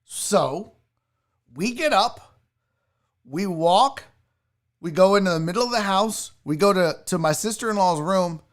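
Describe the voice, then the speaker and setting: A man's voice: sits high, expressive, unhurried, pauses often. A man hosting a casual show, telling a personal story and swearing now and then. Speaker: sports show host.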